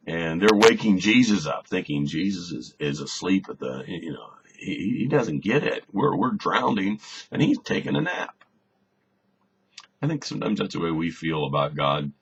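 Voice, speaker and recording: A man teaching a conversational Bible lesson, relaxed and thinking aloud, often repeating a word as he searches for the next one. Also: low-pitched, normal speed, gravelly. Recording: slightly dull recording with faint hiss.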